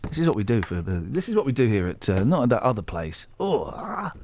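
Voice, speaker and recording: A man's voice: medium pitch, big pitch swings, quick pace, darkish tone, slight background noise. A man hosting a morning radio show from a studio, chatting casually and teasing, often stumbling over his words. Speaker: radio host.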